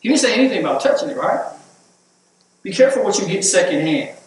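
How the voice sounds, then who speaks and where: A man's voice: high-pitched, big pitch swings, quick pace, a little hiss or hum. A man preaching a sermon as pastor, repeating words as he builds to emphatic points. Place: church sanctuary. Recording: echoey church hall, mic at a distance.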